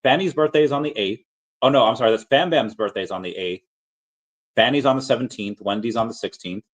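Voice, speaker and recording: Talking fast in a mid-range voice, a man hosts a casual livestream, rambling along with his viewers. His speech is packed with fillers and restarts, and the audio is dull and lo-fi.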